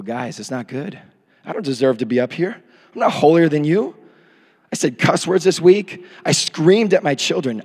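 A man in his thirties preaching a sermon into a microphone, swinging from hushed asides to shouted peaks. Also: mid-range voice. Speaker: pastor. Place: church hall. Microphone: handheld or podium microphone. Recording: long hall reverb.

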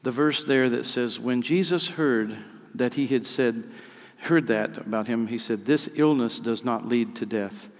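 A man's voice: mid-range voice, measured pace. Man preaching in a reverberant hall. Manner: dramatic reading, rising to loud cries on key lines. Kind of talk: sermon with scripture reading.

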